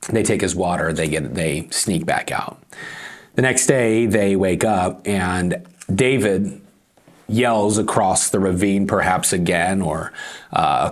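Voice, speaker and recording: An American man with a somewhat low voice, preaching from the pulpit. He reads scripture steadily, then breaks into relaxed, conversational retellings with small pauses and fillers. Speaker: pastor. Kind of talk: sermon, reading and retelling scripture.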